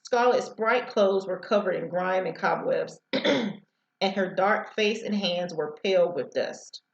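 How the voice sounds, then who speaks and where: A woman's voice: fairly low pitch, unhurried. Woman teacher, novel read-aloud, headset mic, stumbles on words, echoey room, dull sound. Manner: stumbles and restarts over words. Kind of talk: reading a novel aloud to students.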